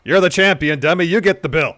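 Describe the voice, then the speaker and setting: Brash cocky wrestler bark, pushed up high and loud, a man putting it on. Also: fast talker, no room sound, close to an everyday voice. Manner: loud, brash, calls everyone dummy. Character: brash cocky male wrestler ordering fast food.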